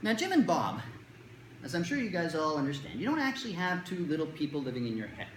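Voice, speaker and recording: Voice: medium pitch, wildly swooping pitch, fast. A presenter giving a talk to parents on child anxiety in a conversational, jokey way, acting out quotes. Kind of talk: lecture to parents. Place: lecture room with an audience. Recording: roomy echo, faint room noise.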